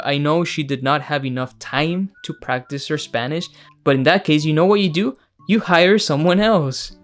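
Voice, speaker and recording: A man from Mexico, hosting his channel with a blunt, profane and mocking film review, laughing often. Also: on the high side. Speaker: YouTube host. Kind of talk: casual film review rant.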